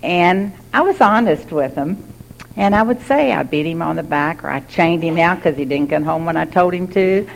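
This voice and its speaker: A woman's voice: lowish voice, expressive, moderate pace, vocal fry, low-quality recording. Candid woman telling her story. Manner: candid, laughs often while telling. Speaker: speaker sharing her recovery story. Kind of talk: personal testimony.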